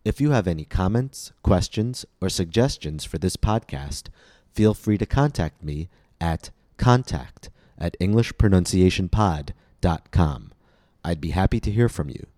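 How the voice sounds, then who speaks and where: A man hosting a pronunciation podcast, reading a scripted lesson slowly and with careful, clear enunciation. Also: deep voice, lively intonation, mellow, no echo, studio quality. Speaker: pronunciation teacher and podcast host.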